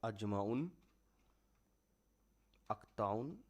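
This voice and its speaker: Slow, patient male grammar teacher. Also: on the low side, expressive, darkish tone. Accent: South Asian English. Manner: slow, explanatory, repeats terms for emphasis. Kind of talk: online grammar lecture.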